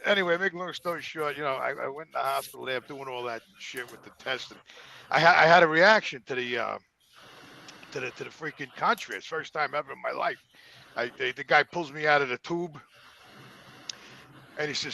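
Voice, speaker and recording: A man's voice: a little high, fairly quick, creaky, pushed and bright. A man telling a rambling story on a podcast, repeating words and acting out the people in it.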